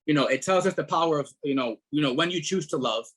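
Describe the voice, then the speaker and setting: A middle-aged man, a podcast guest telling his story in a casual, animated way, repeating words and leaning on fillers. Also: a little high, fast, husky. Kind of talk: casual testimony.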